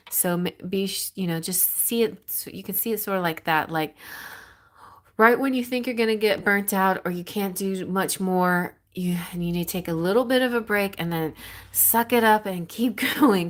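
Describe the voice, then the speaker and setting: A woman giving a tarot reading on a live stream, rambling and excitable and often restarting her sentences. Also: medium pitch. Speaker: tarot reader.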